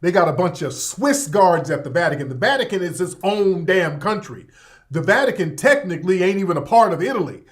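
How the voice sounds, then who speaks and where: High-voiced man riffing on his radio show. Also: a little fast. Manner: animated, joking, profane, street slang. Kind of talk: casual monologue commentary.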